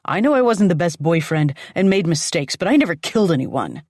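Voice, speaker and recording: A woman's voice: on the low side, big pitch swings, brisk, darkish tone, no echo, clean studio sound. A woman voicing an unhinged menacing ex-boyfriend. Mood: accusing. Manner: pleading turning to menacing, strained.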